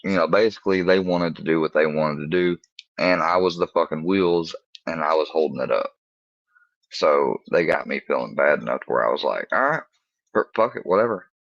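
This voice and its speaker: Man, deep low voice, casual profane storytelling, laughs a lot, dry dull recording. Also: fairly quick, vocal fry, dry recording. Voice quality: profane, animated storyteller voicing friends in higher tones. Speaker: podcast host.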